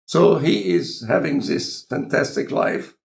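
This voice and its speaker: A man with an Egyptian accent and a non-native speaker of English, talking in a relaxed, conversational lecture style with deliberate, halting phrasing. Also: on the high side, vocal fry, slight background noise. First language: Arabic. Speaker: scientist in conversation.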